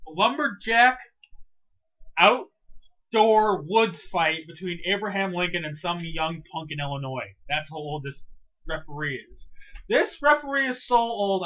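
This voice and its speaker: A man's voice: a little high, dull audio. A man co-hosting a casual podcast, ranting with lots of swearing. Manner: profane, animated ranting. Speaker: co-host.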